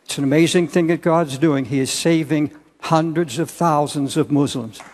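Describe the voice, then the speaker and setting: An older man preaches in a large church auditorium, his slightly high voice carried on a long hall reverb. He speaks earnestly, stumbling and restarting at times, then pressing hard on his key words. It is a heartfelt sermon rather than a polished performance. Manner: earnest, halting with restarts, rising to loud emphasis. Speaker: pastor.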